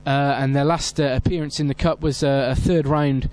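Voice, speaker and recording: A man commentating on a football match for club radio, filling gaps with "uh" and climbing high at penalties and saves. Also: fairly even intonation, normal speed, a little mellow, smooth. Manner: reads team sheets with many fillers, rises sharply at big moments. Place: outdoor football stadium.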